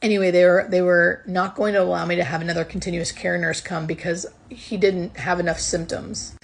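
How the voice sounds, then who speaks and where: Husky, gravelly-voiced nurse telling a story. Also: female voice, on the low side, flat delivery, fairly quick. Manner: earnest and emotional, close to tears. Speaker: hospice nurse. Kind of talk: casual personal storytelling.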